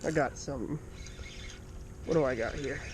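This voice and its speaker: A man filming his own fishing trip from a small boat, muttering quietly while he waits and shouting in excited bursts when fish strike. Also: mid-range voice, normal speed, background noise. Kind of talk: casual fishing vlog commentary.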